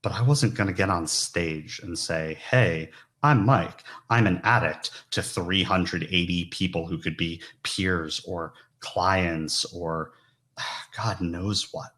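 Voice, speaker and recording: Man, low voice, earnest, confessional, conference talk, talks straight to the audience. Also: fairly even intonation, slow pace, sharp tone. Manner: earnest, confessional, often asks "right?". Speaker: conference speaker. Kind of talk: personal story talk to an audience.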